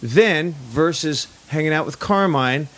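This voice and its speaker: A man guesting as a rock drummer on a casual podcast, thinking out loud with lots of restarts. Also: on the high side. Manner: rapid, restarting, thinks aloud.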